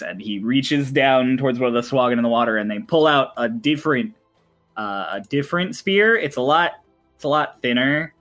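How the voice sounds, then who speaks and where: A man's voice: mid-range voice, expressive, normal speed, a bit bright, faint music behind. A man running a tabletop game who narrates in a chatty way, laughing often and using many fillers. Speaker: game master.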